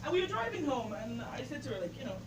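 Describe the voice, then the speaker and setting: A high-voiced English woman in her twenties talks fast with big pitch swings while telling a story on a bar stage to a live audience. Chatty and full of fillers, she laughs at her own story. The recording, from a distant camera mic, is roomy and noisy with a loud crowd.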